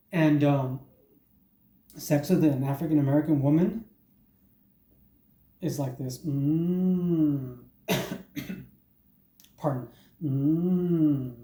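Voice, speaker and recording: A man in his forties doing a crude stand-up monologue in a deadpan, halting way full of ums and uhs. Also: on the high side. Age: 40s. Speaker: comedian. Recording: echoey room.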